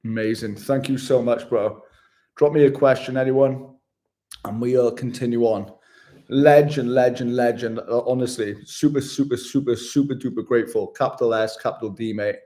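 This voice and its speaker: A man's voice: medium pitch, steady tone, normal speed, dark tone. Chummy man on a live stream. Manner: upbeat and chummy, calls viewers mate and legend. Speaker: travel vlogger. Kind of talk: casual livestream chat with viewers.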